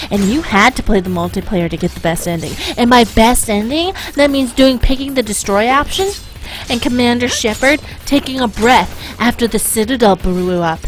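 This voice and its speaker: A woman's voice: high voice, fairly bright tone. A woman streamer ranting angrily and profanely while playing a video game live, mimicking people in sarcastic quotes.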